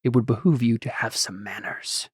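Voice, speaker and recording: A man playing a haughty, menacing dark lord. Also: medium pitch, slightly rough, dry recording, clean studio sound. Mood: haughty menace. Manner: slow, grandiose, menacing speech. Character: proud, scornful Black Numenorean male lord.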